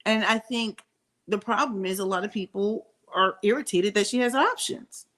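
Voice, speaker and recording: A woman's voice: mid-range voice, normal speed, a bit bright. A middle-aged woman giving candid, opinionated commentary in a casual vlog, thinking aloud with frequent restarts and asides. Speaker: commentary vlogger.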